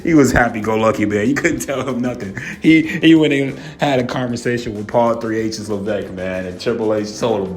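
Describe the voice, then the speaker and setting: Low-voiced man ranting in slang. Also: a little fast, hardly any pauses. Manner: profane, laughing, repetitive slang ("man", "bro", "y'all"). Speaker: wrestling commentary vlogger. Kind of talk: casual ranting commentary. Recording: echoey room, faint music.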